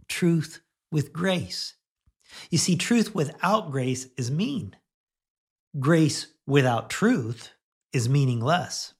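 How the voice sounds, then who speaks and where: A middle-aged man giving a conversational radio sermon, chatting gently and laughing now and then, then leading a prayer. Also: on the high side, big pitch swings, slow pace, slightly rough. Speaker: pastor.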